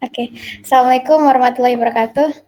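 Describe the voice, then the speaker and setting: Woman, Indonesian accent, high mellow voice, student asking a question in class. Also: steady tone, rapid-fire. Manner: casual, switches into Indonesian.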